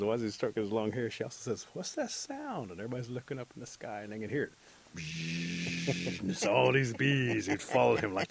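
A man telling a folk tale aloud, animated, acting out the characters' lines. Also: on the low side, vocal fry. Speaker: storyteller. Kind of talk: oral storytelling.

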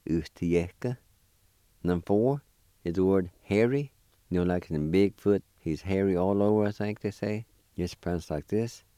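A man hosts a vocabulary lesson, spelling and repeating each word slowly for learners. His voice is deep, dark and mellow. It sounds dry and close. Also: clean tone, dry recording. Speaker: language teacher. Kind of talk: slow spelled-out language lesson.

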